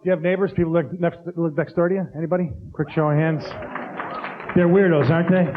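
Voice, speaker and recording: A man doing a stand-up comedy routine on a theater stage, animated and full of mimicked sounds. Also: a little high, fast talker. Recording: dull lo-fi tape with noise.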